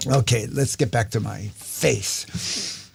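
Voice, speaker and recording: Relaxed man teaching a live lesson. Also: mid-range voice, slow pace, creaky, music in the background. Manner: relaxed, explanatory, many fillers. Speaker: guitar teacher.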